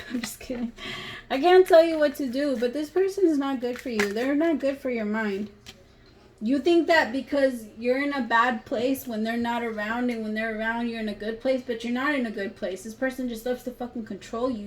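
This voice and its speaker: A woman's voice: fairly high pitch, moderate pace, a little hiss or hum. A woman giving a casual tarot reading to camera, talking bluntly and emphatically and swearing freely. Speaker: tarot reader.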